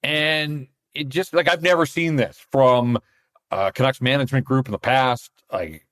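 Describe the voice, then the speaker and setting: A man's voice: medium pitch, normal speed, a bit bright. A man, co-hosting a hockey podcast in casual chat and telling stories with frequent laughs. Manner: chatty storyteller, laughs often. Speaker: podcast co-host, hockey reporter.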